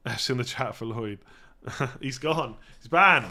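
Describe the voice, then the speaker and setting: A man hosting a casual live-stream Q&A, chatty and self-correcting, often clearing his throat. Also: mid-range voice, slow, pushed and bright. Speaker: fantasy football streamer.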